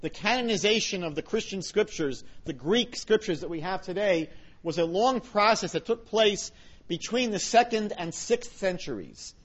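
A man's voice: high voice, normal speed, a bit bright, lo-fi sound. A man giving a public lecture on religion, emphatic, with wry asides.

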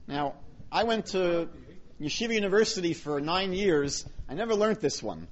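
A man's voice: sits high, big pitch swings, normal speed, muffled recording. A man giving a public lecture on religion, emphatic, with wry asides.

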